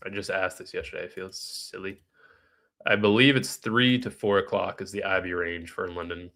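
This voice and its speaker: A man's voice: sits low, steady tone, moderate pace, creaky, pushed and bright. A man with a nasal, stuffed-up voice, live-streaming trading commentary in a casual way, thinking aloud and answering chat questions.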